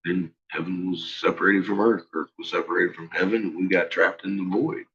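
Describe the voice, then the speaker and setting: A man's voice: deep voice, steady tone, fairly quick, fairly bright tone, muffled recording, slight background noise. A man rambling through a profane, laugh-filled solo monologue. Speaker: channel host.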